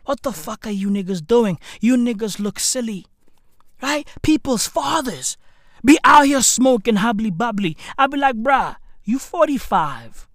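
A woman, delivering a profane comedic rant full of slang that bursts into shouting. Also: fairly high pitch, animated, unhurried, dry recording. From South Africa.

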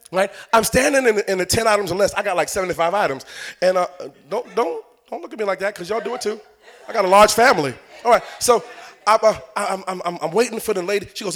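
High, bright-voiced preacher man. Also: expressive, racing. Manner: conversational storytelling building to shouted preaching; laughs and asides to the congregation. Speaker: bishop preaching. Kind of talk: sermon with storytelling. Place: church before a congregation.

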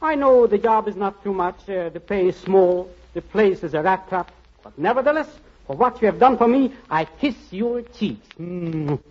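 A man's voice: sits high, lively intonation, moderate pace. An actor playing a pompous, overly courtly male singer in a 1940s radio comedy, talking in a theatrical, flowery way. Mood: effusive. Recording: dull old radio broadcast.

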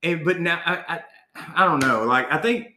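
A man's voice: on the high side, normal speed, pushed and bright, roomy sound, slight background noise. A man co-hosting a casual sports chat, ranting in a heated, profane way.

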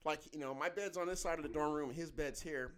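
Animated storytelling man in his fifties. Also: on the high side, fast. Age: 50s. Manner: animated, acts out quotes in a raised voice, swears freely. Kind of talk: casual storytelling chat.

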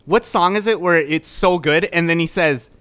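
A man's voice: a little high, moderate pace, fairly bright tone, clean tone. A man co-hosting a casual music podcast, joking sarcastically and swearing a lot. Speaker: podcast co-host. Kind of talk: casual album review chat.

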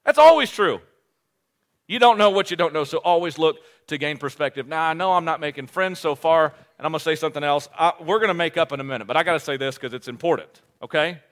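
A male pastor preaching a sermon, animated and joking at his own expense, often restarting his phrases. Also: on the high side. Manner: animated, joking, self-deprecating, with quick restarts.

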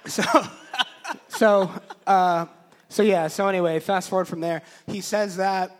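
A man in his thirties, a pastor telling a personal story from the pulpit, animated and acting out the voices of the people he quotes. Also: high voice, unhurried, slight background noise. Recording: long reverb of a large hall.

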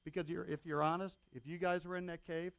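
A man's voice: a little high, level tone, fairly quick, creaky, fairly bright tone, no echo. A man preaching a sermon as pastor, talking in a loose, conversational way with frequent asides to the congregation.

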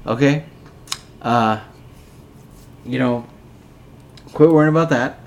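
A man's voice: medium pitch, takes it slowly, slight background noise. A drunk man hosting a podcast, rambling and swearing as he bickers with a co-host. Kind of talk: casual drunken rant.

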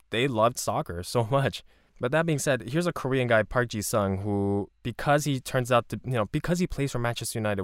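Relaxed low-voiced man telling stories. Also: dry recording, clean studio sound. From Canada. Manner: relaxed, rambling, laughs often. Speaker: podcast host. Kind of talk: casual solo podcast storytelling.

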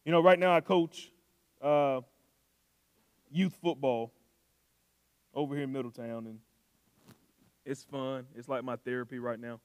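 A man preaching a sermon, telling a coaching story in a relaxed, slangy way that swells into loud shouting. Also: medium pitch, a little slow, long pauses, clear, resonant tone, no echo, big-room sound. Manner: coaching, conversational, with southern-style slang. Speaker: pastor.

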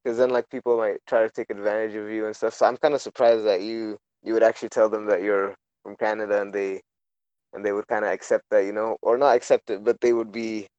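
A man hosting a podcast, asking questions in a relaxed, hesitant way with lots of fillers. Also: on the low side, fast talker, clean tone, dry recording. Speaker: podcast host. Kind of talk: casual interview chat. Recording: dry, dull lo-fi podcast audio.

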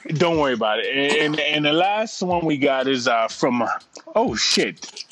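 A man's voice: on the high side, expressive, normal speed, a crowd in the background. A man co-hosting a casual podcast, reading out listener emails with profane, rambling banter and frequent laughter. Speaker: podcast co-host.

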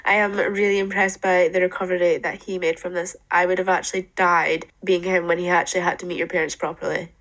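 A woman's voice: on the low side, fast, few pauses. A woman, co-hosting a podcast in candid casual chat. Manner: candid, expressive, swears casually. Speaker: podcast co-host.

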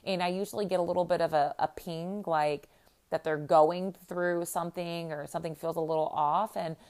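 A middle-aged woman from the American Midwest, hosting and talking casually to her listeners as a life coach, in a chatty, upbeat way full of "like" and "you know.". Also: lowish voice. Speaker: podcast host and life coach.

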